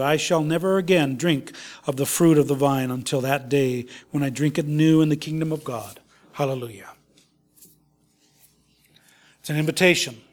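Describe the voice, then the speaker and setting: High-voiced man preaching with passion. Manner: impassioned preaching, rises and drops to hushed tones. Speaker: pastor. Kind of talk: sermon.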